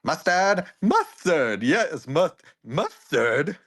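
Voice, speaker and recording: A gamer doing a fussy, excitable cartoon character; bouncy, exclaiming. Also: medium pitch, very slow, pitched above the performer's own voice, full character voice.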